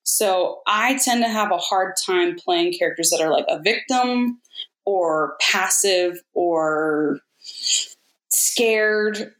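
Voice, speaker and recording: A woman voice actor talking candidly in a casual interview, animated and quick to mimic people in her stories. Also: lowish voice. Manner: candid, animated storyteller who mimics others. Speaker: voice actor guest. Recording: roomy echo.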